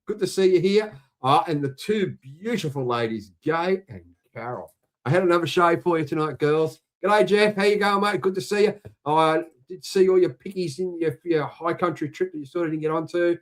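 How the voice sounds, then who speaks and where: A man's voice: fairly high pitch, moderate pace. A middle-aged Australian man co-hosting a casual livestream, chatty as he reads out viewers' greetings. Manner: chatty, reading out viewer shout-outs. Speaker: livestream co-host. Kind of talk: casual chat.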